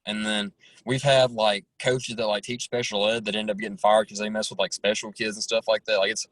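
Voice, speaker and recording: Halting young man, dry close sound. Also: lowish voice, level tone, fairly bright tone, no room sound, rough recording. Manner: halting, full of "like" and "I mean". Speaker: guest. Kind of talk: casual chat. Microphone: video call.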